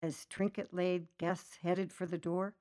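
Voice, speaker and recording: A woman reading a short story aloud, narrating lively and voicing the characters' lines herself. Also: measured pace. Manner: lively, voices characters with raised pitch. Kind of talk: storybook narration with acted dialogue.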